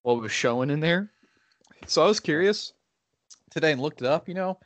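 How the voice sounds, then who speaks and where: A young man in casual group banter, rambling and joking with plenty of fillers. His pitch swings widely as he talks. The sound is close and dry with no room echo. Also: lively intonation, normal speed. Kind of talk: casual chat.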